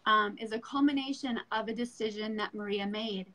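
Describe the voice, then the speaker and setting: A woman's voice: mid-range voice, a little fast, a bit bright, poor audio. A woman hosting an interview, introducing her guest in an encouraging, motivational way. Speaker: interview host.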